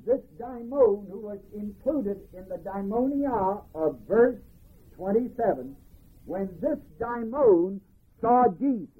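A man teaching a Bible class, reading verses and explaining them deliberately, phrase by phrase. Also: high-pitched, animated, husky. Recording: tinny archival phone-band recording.

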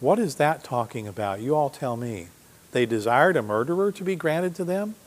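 A man's voice: medium pitch, lively intonation, normal speed. Male preacher, mid-range voice, teaches verse by verse and quizzes the congregation; long hall reverb. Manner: teaching Bible verses, reading scripture aloud with emphasis; asks the congregation questions. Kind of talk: sermon. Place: church sanctuary.

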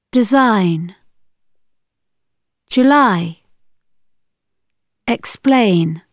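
Woman slowly reading drill words. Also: a little high, no room sound, clean studio sound. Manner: slow, carefully stressed single words with pauses. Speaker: pronunciation drill reader. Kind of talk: reading single words for a coursebook audio.

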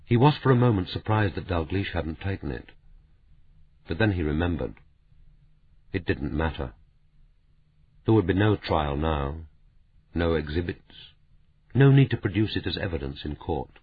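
A man reading a novel aloud in measured, somber scripted narration. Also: low-pitched, expressive, breathy edge. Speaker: audiobook narrator. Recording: narrow, phone-like audiobook sound.

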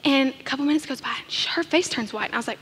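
A young woman, a church missions director, telling an animated story from the stage and acting out the voices in it. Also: high-pitched, racing, a little hiss or hum. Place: church sanctuary. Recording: long hall reverb.

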